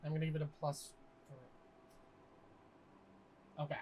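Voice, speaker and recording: A young man narrating as game master in a tabletop game, casual and halting with many fillers. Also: on the high side, monotone, dark tone, a little hiss or hum, poor audio.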